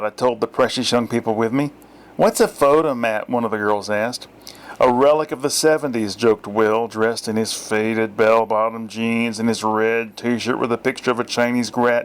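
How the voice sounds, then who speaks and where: A middle-aged man reads his own story aloud in a dry, deadpan way. His voice sits at an ordinary medium pitch. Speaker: author reading his story. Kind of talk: first-person story reading.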